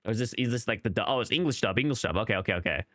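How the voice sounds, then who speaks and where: A man's voice: lowish voice, expressive, racing, fairly bright tone, no echo, clean studio sound. A man streaming a game who rambles through casual commentary, questioning himself and restarting his sentences often. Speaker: gaming streamer.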